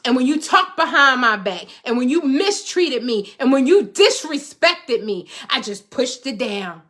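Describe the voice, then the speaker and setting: Middle-aged woman, motivational host, high bright voice, emphatic and preachy. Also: expressive, unhurried. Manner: emphatic, preachy, repeats phrases for rhythm. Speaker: host, life coach. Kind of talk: motivational talk to viewers.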